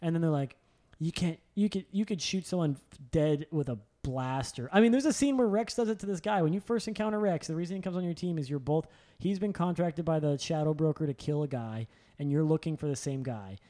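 A young man chatting casually and excitedly, rambling with lots of filler words and swearing. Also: fairly high pitch, brisk. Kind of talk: casual chat.

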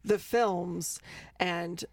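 A woman's voice: lowish voice, extremely slow, dry recording. A woman co-hosting a podcast, chatting in an easygoing, conversational way. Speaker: podcast co-host. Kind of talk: casual chat.

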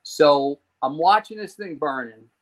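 A fairly high-pitched man from New Jersey speaks a little slowly on a low-quality recording. Guesting on a podcast, he works through a long personal story, acting out quoted people with animation and casual swearing.

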